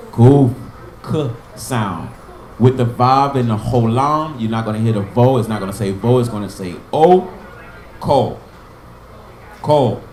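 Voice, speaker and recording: Patient man teaching slowly in an echoey room. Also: medium pitch, darkish tone, a little hiss or hum. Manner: patient, repeats words slowly with memory tricks. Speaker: Hebrew teacher. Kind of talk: informal online language lesson.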